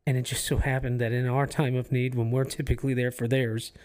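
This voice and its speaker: A man's voice: medium pitch, level tone, a little fast, darkish tone. A man co-hosting a faith podcast in casual chat, speaking earnestly and reflectively, often stopping and restarting his sentences. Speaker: podcast co-host. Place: office used for recording podcasts.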